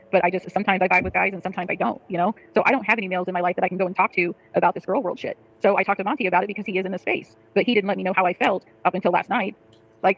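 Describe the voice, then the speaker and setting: Fast, gravelly woman venting to her chat. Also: lowish voice, a bit bright, low-quality recording. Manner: rapid, profane, frustrated venting. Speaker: livestreamer.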